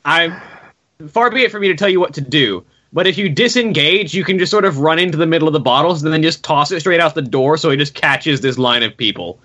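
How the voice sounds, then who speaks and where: A man at a tabletop game who rattles off quick, helpful tactics for his teammates. His voice is bright and a little high, and he talks briskly. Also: animated, highs cut off. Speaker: player (wizard). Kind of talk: casual tabletop play.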